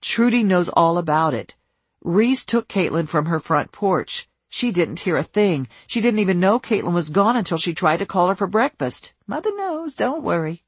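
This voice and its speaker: A woman's voice: fairly low pitch, big pitch swings, moderate pace, slightly rough, dry recording, full character voice. A narrator voicing a confused older woman who drifts into a dreamy sing-song way of speaking, in a dry, close recording.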